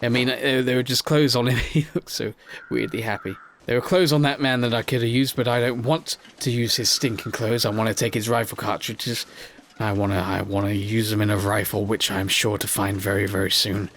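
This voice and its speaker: A man's voice: lowish voice, fairly even intonation, brisk, a bit bright, slight background noise. A man hosting a let's play, giving playful, self-mocking gameplay commentary. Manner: playful, self-mocking, jokes while playing.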